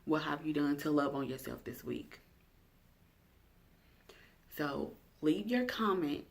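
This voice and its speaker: A woman's voice: deep voice, expressive, slow pace. A young adult woman vlogger talking straight to camera in a casual self-care check-in, chatty and direct, asking her viewers questions.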